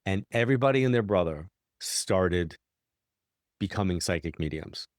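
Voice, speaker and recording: Speaking at normal speed, a middle-aged man from New York, a psychic medium and guest, spins long, casual stories and plays out each quoted exchange with dramatic jumps in pitch. The studio recording is clean, with no room sound.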